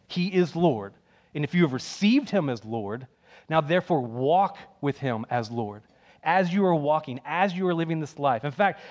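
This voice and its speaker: A man preaching a sermon in an emphatic, conversational way, repeating key phrases. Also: a little high.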